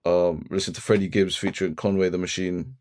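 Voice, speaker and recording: Low-voiced, laid-back young man. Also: fairly even intonation, fairly quick, a little mellow. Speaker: podcast co-host. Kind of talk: casual chat. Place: studio.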